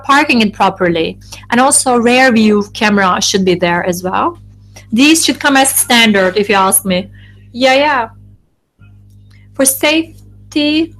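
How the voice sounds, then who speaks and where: Woman interpreter, fairly high voice. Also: a bit bright, rough recording. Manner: halting, with frequent restarts and self-corrections. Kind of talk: live interpreting of a focus group.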